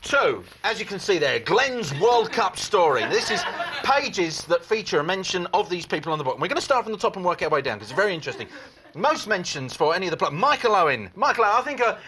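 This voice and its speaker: High lively British TV presenter. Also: male voice, quick pace, a little hiss or hum, low-quality recording. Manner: playful, teasing, silly repeated catchphrases. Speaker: breakfast TV presenter. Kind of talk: jokey live breakfast TV banter. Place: TV studio.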